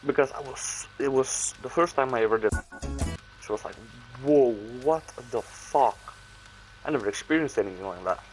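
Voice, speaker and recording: A man's voice: medium pitch, expressive, faint music behind, low-quality recording. Young man rambling through a story. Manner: rambling and casual, with slang and frequent restarts; acts out his own and others' lines in quick bursts. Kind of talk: casual story time.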